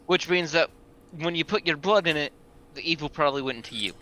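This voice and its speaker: A man's voice: on the high side, fast, bright, forceful tone. A man playing a tabletop game, earnestly describing what his character does. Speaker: player. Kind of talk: tabletop role-play chat.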